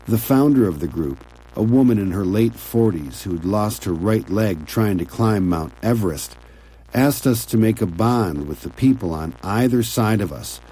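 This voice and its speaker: Very deep-voiced male audiobook narrator. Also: breathy edge. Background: soft music.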